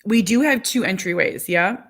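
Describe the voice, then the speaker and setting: This mid-range female voice moves at a moderate pace. She's a vlogger in her forties with four kids, talking casually to live viewers and rambling with plenty of "like".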